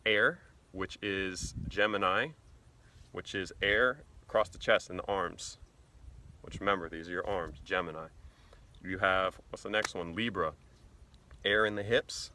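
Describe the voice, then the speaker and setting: Blunt, profane man with a low voice. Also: unhurried, pauses often, sharp tone. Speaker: vlogger. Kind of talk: casual explainer.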